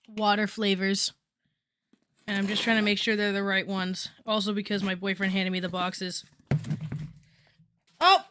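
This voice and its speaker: A woman's voice: medium pitch, pushed and bright, slight background noise. A young woman chatting casually on a commentary stream, rambling with many fillers and asides.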